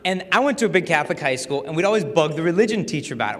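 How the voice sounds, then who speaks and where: A man in his twenties giving a live talk to an audience, telling stories in a joking, animated way. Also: fairly high pitch, very fast, hardly any pauses. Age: 20s. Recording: long hall reverb.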